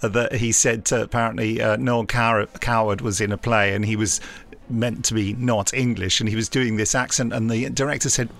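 A man's voice: on the low side, moderate pace, creaky, few pauses. A man co-hosting a podcast who asks the questions and tells anecdotes about recording sessions. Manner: lively storyteller, leading the questions. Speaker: podcast co-host and producer. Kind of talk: casual chat.

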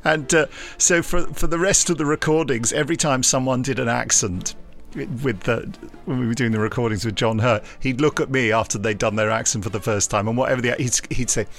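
A man's voice: medium pitch, fairly quick, few pauses, faint music behind. A man co-hosting a podcast who asks the questions and tells anecdotes about recording sessions. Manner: lively storyteller, leading the questions. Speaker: podcast co-host and producer. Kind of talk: casual chat.

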